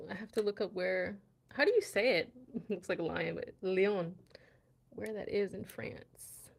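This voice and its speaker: A woman's voice: mid-range voice, vocal fry, husky. An American woman hosting a casual live chat, reading viewer comments aloud and laughing often between words. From United States. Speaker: host of a language channel.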